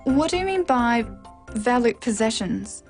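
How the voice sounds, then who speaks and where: A woman speaking model phrases for a lesson with deliberate, demonstrative phrasing. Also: fairly high pitch, expressive, over music.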